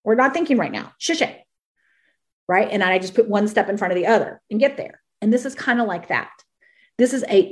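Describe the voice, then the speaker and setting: A woman hosting a faith podcast, leading a spoken prayer and teaching in an earnest way, repeating phrases for emphasis and dropping softer at the ends of prayer lines. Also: medium pitch. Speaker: podcast co-host and Christian ministry coach.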